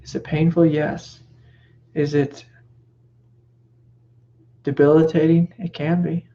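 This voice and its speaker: A middle-aged man gives a satsang teaching talk, his voice somewhat high with a gravelly edge. He speaks gently and reflectively, at times softening into whispered reassurance. The recording sounds slightly dull, with a faint hum underneath. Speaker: spiritual teacher.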